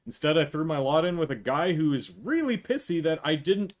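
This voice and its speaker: A man's voice: fairly high pitch, sing-song, a little fast, few pauses. A middle-aged man hosting a podcast, talking through a film in a casual, sarcastic, exasperated monologue. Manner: exasperated, sarcastic, mocking acted quotes. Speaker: podcast host. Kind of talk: casual movie review monologue.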